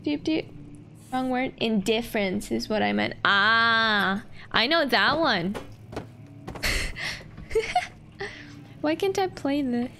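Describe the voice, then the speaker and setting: Young woman streamer, high pitched, unhurried, playful and sweary, chats with viewers. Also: expressive, gravelly, bright, forceful tone, a little hiss or hum. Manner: playful, sweary, giggly, talks to chat. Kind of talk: casual gameplay commentary.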